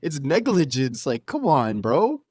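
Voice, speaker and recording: A man's voice: a little high, huge pitch swings, unhurried, darkish tone, dry recording. A young man co-hosting a podcast, chatting casually about a film, incredulous and laughing often, swearing freely. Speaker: podcast co-host.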